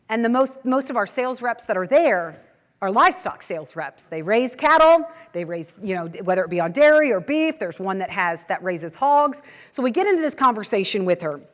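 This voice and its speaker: A woman's voice: fairly high pitch, fairly bright tone. An American woman and agriculture news host giving a conference talk, telling stories in a chatty way with frequent restarts. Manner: chatty storytelling with repeated words and restarts. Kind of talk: conference presentation. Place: meeting hall. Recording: long hall reverb.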